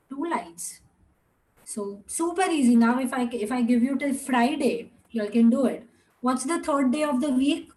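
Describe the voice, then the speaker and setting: A young woman with a high voice teaches an online class. She goes patiently, repeating each word slowly and stretching its tones. Now and then she slips into another language mid-sentence. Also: a little mellow, low-quality recording.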